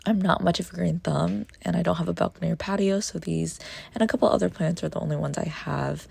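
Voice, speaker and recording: A woman talks through her day in a relaxed, chatty vlog voice-over, poking fun at herself as she goes. Her voice is low and heavy with vocal fry, rough and gravelly from just waking up. She speaks as a dietitian sharing her routine in easy, everyday speech. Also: fast talker, dry recording. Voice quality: gravelly morning voice. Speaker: dietitian vlogger. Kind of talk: casual day-in-the-life voice-over.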